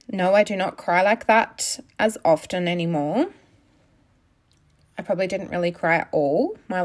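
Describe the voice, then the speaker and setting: A woman, hosting a casual solo podcast in a candid way, swearing freely and laughing often. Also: mid-range voice. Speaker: podcast host.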